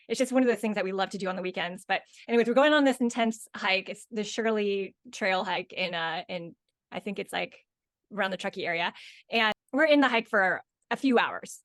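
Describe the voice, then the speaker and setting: A woman in her thirties co-hosts a podcast in a dry, close-miked sound. She has a mid-range voice and tells stories in an expressive, heartfelt way. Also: mid-range voice, no echo. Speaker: podcast co-host. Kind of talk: casual chat.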